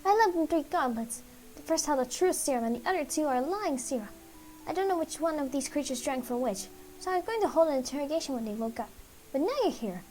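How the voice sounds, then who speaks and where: A woman's voice: high-pitched, animated, quick pace, mellow, soft background music, pitched above the performer's own voice. A woman voicing a small, fussy mouse who lost a sword, talking in a theatrical, pleading way. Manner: theatrical, pleading, self-pitying.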